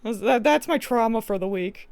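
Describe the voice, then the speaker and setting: A young woman chats on her game stream from home, her voice sitting fairly high. She rambles through a story, tripping over her words and restarting often. The sound is close and dry, with no room around it. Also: lively intonation, moderate pace, a little mellow, clean tone, dry recording. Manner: rambling, chatty storytelling with many restarts and fillers. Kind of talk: casual livestream chat while playing a game.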